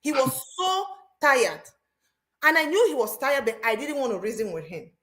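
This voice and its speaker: A woman with a fairly high voice talks as a show host. She tells her stories animatedly, often repeating phrases for emphasis. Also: normal speed. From Cameroon. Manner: animated storytelling, repeats herself. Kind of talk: casual chat.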